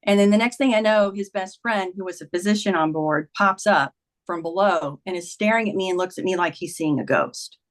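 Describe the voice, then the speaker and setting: A woman's voice: on the low side, brisk. Earnest woman retelling a personal story. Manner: vivid retelling that acts out quoted dialogue. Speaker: guest, author.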